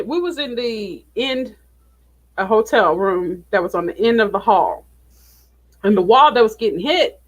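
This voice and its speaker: A woman's voice: a little high, rough recording. A Midwestern American woman co-hosting a podcast, telling a story animatedly and laughing often. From United States. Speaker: podcast co-host. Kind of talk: casual chat.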